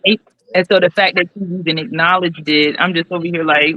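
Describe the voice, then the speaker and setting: A woman's voice: on the low side, fairly even intonation, brisk, sharp tone. A woman talking emphatically and encouragingly in a casual group podcast chat. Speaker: podcast guest. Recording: dry, dull lo-fi call audio.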